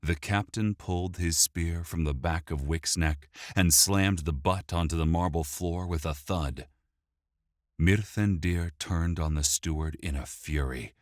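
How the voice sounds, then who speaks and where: A man narrating a fantasy audiobook in a steady, measured storytelling voice, close to the mic. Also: sits low, no room sound.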